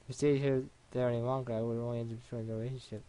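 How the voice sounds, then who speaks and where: A man reading a visual novel aloud for a let's play, in an even, unhurried way with small stumbles. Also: mid-range voice, clear, resonant tone.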